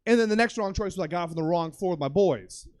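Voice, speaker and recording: A young comedian works the club stage at a quick pace in a high voice, launching into shouted impressions during a profane, animated story.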